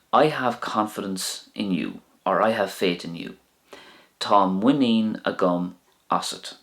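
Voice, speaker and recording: A man teaching vocabulary, speaking slowly and clearly and repeating each word for learners. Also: low-pitched. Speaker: Irish language teacher. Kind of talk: slow, clear language lesson.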